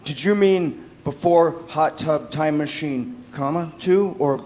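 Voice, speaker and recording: High wry male co-host. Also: takes it slowly, darkish tone. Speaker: podcast co-host. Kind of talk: casual live podcast interview.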